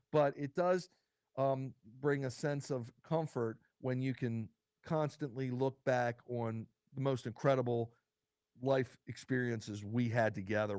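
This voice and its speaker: A man's voice: mid-range voice, a little mellow, dry recording. Folksy rambling man hosting a vodcast. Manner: rambling, folksy, with fillers and restarts. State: choked up with emotion. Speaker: podcast host. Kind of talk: casual solo vodcast talk. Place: studio.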